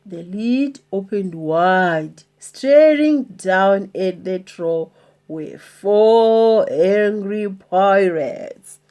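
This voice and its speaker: A woman reading a children's storybook aloud in an expressive, deliberate manner. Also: mid-range voice.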